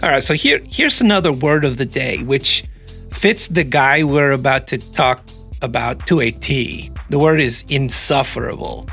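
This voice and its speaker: A man's voice: on the high side, gravelly, a bit bright. A man hosting a casual true-crime podcast, joking and rambling, often restarting sentences. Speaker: podcast host.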